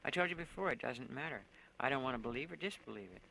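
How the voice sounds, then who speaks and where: A man reading aloud and voicing a calm male psychotherapist who questions softly and evenly. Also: medium pitch, fast, gravelly, slight background noise, low-quality recording.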